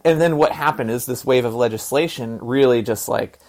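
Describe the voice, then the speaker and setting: A man's voice: mid-range voice, brisk, a little mellow. Rambling man in his forties. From US South. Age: 40s. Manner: rambling, heavy on fillers and repeated "and", casual swearing. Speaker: interview guest. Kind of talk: casual conversational interview.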